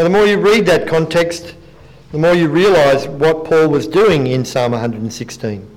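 Higher-voiced man preaching conversationally. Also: low-quality recording. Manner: conversational and self-deprecating, reads scripture aloud. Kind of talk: sermon.

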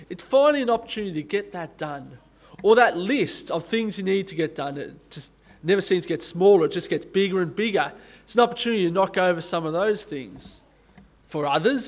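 A man with a high, light voice preaches a sermon in a conversational way. He reads scripture aloud, then slows and softens for the solemn moments before picking back up.

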